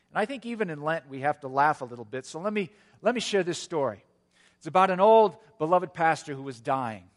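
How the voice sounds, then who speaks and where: Preaching man in a reverberant church. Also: on the high side. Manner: earnest storytelling, gentle humor. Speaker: pastor. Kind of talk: sermon.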